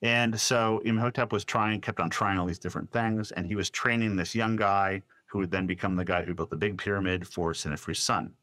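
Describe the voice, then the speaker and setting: Low-voiced man telling stories. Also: a little fast, few pauses, dry recording. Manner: animated storyteller, quotes voices, many restarts. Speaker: podcast guest. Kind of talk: storytelling in a casual interview.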